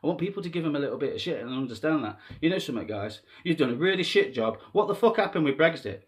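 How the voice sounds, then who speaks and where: A man talking straight to camera in a rambling, emotional monologue, swearing freely and swinging between quiet musing and impassioned appeals. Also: on the high side, lively intonation, fast talker. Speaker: self-styled candidate vlogger.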